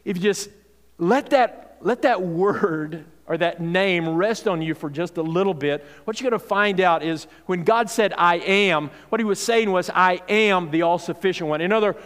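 A man's voice: high-pitched, moderate pace, fairly bright tone. A man preaching a sermon in a conversational way, often restarting phrases and checking in with "okay?". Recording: long hall reverb.

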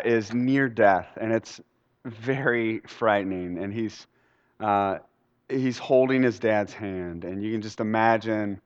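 A man's voice: mid-range voice, a bit bright, clean tone. A male pastor giving a sermon, telling a story in a conversational way and quizzing the congregation. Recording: echoey hall, dull sound.

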